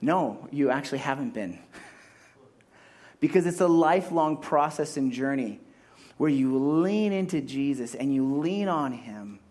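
A man preaching a sermon as a pastor, animated and acting out voices as he makes his points. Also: medium pitch, unhurried.

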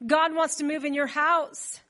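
A woman preaching a sermon in church, animated, telling the story with laughs and acted-out voices. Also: high voice, a little slow.

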